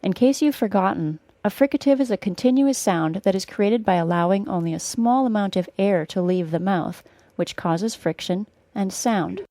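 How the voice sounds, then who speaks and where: A young woman from northern Wisconsin with a General American accent, teaching a pronunciation podcast lesson and slowing down to model each sound carefully. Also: medium pitch, dark tone, no echo.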